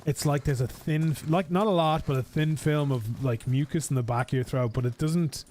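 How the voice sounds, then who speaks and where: A man's voice: a little high, moderate pace, darkish tone, a little hiss or hum. A man, a streamer, chatting casually and joking while he plays a game. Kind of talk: casual gaming stream chat.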